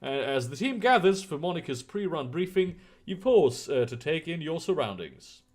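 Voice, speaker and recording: Lively-voiced man streaming a game. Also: on the high side, moderate pace. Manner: chatty, muses aloud. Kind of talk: reading game text aloud with casual commentary.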